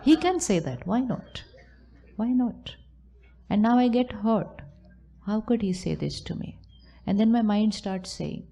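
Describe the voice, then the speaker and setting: A woman's voice: medium pitch, animated, measured pace, gravelly, pauses often, dark tone. A woman giving a spiritual talk to a live audience at a retreat center, acting out hurt inner thoughts in quoted asides. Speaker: spiritual teacher.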